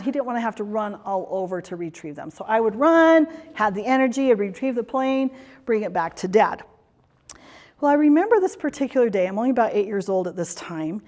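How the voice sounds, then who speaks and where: A woman's voice: fairly high pitch, a little mellow. Chatty woman speaker in a big hall. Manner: storytelling, chatty, asks the audience questions. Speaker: corporate trainer and speaker. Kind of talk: live workshop presentation. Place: conference room or hall. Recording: speech in a hall with long reverb.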